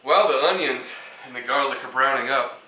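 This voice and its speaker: A young man hosting a mock cooking show with deadpan, mock-serious delivery. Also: mid-range voice, normal speed. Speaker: comedic cooking show host. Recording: echoey kitchen, mic far off, noisy. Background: pans sizzling.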